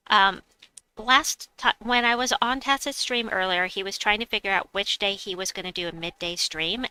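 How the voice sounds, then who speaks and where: Bright, chatty woman streamer. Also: medium pitch, smooth, poor audio. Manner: chatty, reads chat aloud, laughs often. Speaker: game streamer. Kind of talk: casual live-stream chat.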